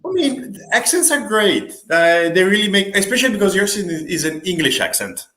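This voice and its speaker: Lively, bright-voiced male craft host. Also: high voice, moderate pace, a little hiss or hum. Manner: hesitant, many fillers and restarts; playful, teasing. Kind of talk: casual livestream chat.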